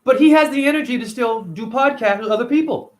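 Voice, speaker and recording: A man's voice: extremely high pitch, fast talker. A man hosting a casual livestream, talking animatedly and profanely and answering viewers by name. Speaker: livestream host reading chat.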